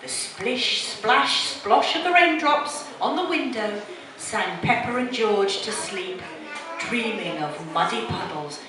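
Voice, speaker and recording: Woman reading a storybook to a child, lively sing-song voice, distant from the mic, very echoey room with noise. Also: mid-range voice, slow pace, crowd noise. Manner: animated, puts on character voices.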